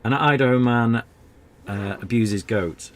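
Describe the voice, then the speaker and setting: A man's voice: medium pitch, unhurried, slight background noise. A man streaming an old adventure game, chatting casually in a rambling, self-deprecating way. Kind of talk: casual gameplay commentary.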